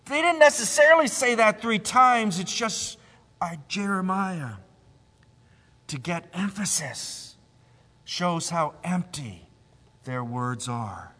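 A man preaching a sermon, emphatic, rising to loud cries and sinking to a low hush. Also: animated, takes it slowly, in a large hall.

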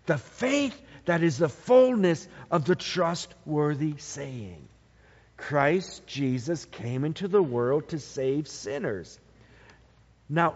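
A man preaching an expository sermon, emphatic, repeating key phrases and swinging between soft and loud. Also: high voice. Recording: dull lo-fi sound with long hall reverb.

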